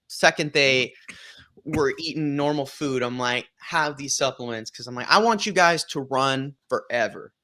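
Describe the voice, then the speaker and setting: A man hosting a casual livestream, loose and excitable, swearing casually as he chats with his guests. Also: mid-range voice. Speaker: livestream host.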